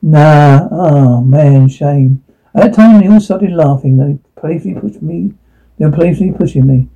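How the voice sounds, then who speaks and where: A man's voice: fairly high pitch, expressive, brisk, vocal fry, warm tone, breathy edge. A man telling a rueful first-person story from his youth, self-deprecating in tone. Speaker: narrator. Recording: tinny phone-like line.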